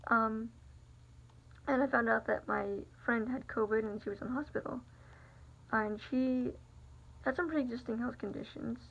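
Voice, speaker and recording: A woman's voice: on the high side, moderate pace, vocal fry, long pauses. A young adult woman telling a personal story in a rambling, confiding way, full of fillers. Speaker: vlogger. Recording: dull lo-fi recording.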